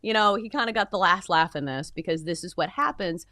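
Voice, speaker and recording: A woman's voice: on the low side, fairly quick, bright, forceful tone, no echo, clean studio sound. A woman co-hosting a sports show, giving blunt opinions in casual chat.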